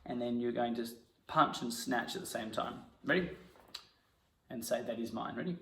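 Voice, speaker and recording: A man leads an acting class, switching between calm coaching and sudden loud, mock-outraged improvisation. His pitch sits in a middle range. The sound carries a noticeable room echo. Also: normal speed, a little hiss or hum. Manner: bursts into loud indignant outbursts during scenes. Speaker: acting teacher. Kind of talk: acting lesson with improvised scenes. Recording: echoey room.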